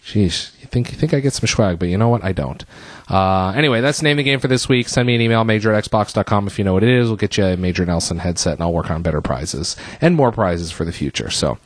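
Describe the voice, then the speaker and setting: A man's voice: fairly low pitch, quick pace, dry recording. A man hosting his own podcast solo, chatting casually and rambling with fillers and restarts, a bit out of breath. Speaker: podcast host.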